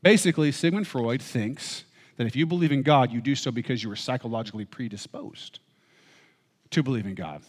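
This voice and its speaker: A man's voice: mid-range voice, fairly quick. A man preaching a sermon, emphatic, and often asking rhetorical questions. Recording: echoey hall reverb.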